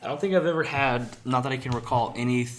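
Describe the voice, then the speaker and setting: A man's voice: mid-range voice, fast, a little hiss or hum. A young adult man co-hosting a podcast in casual chat, rambling with restarts, joking and swearing. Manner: rambling, hesitant, joking, profane. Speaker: podcast co-host.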